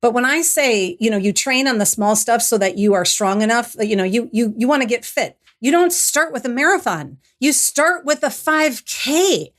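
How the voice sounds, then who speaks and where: A middle-aged woman, a guest on an interview show, telling a personal story in a reflective way that turns animated as she retells it, often restarting her sentences. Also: fairly high pitch, normal speed, hardly any pauses.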